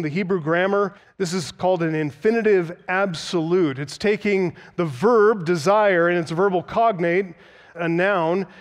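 A man preaching an expository sermon, teaching earnestly and repeating words for emphasis, slowing down to stress key phrases. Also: high-pitched.

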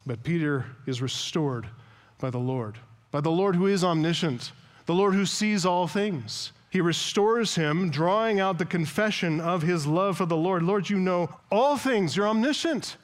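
A man's voice: on the high side, measured pace. A man preaching an earnest expository sermon as a pastor, reading scripture aloud and explaining it.

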